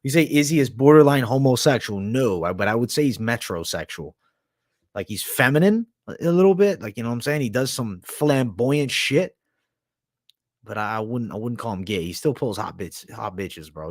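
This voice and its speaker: A young man rambling on a livestream, cursing freely and tossing out slang in a loose, offhand way. His voice sits in an ordinary middle pitch. The sound is dry and close to the microphone. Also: lively intonation, moderate pace, dry recording. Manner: crude, profanity-heavy slang, rambling. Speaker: livestream host. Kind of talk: casual livestream chat.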